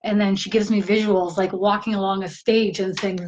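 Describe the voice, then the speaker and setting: A woman medium talking casually on a live stream, chatty, laughing often and filling pauses with ums. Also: medium pitch, highs cut off. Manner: slow, chatty, laughs often, many fillers. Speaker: spiritual medium.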